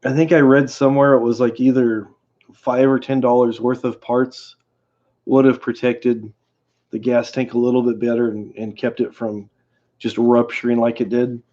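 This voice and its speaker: A man hosting a livestream, telling a story in a casual, rambling way with many halting restarts. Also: mid-range voice, level tone, warm tone. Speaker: livestream host. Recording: dull lo-fi stream audio.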